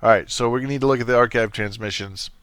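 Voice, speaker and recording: A man's voice: mid-range voice, fast talker, a bit bright, clean tone, no room sound. A man hosting a game let's play, with chatty, self-correcting asides. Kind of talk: casual gameplay commentary.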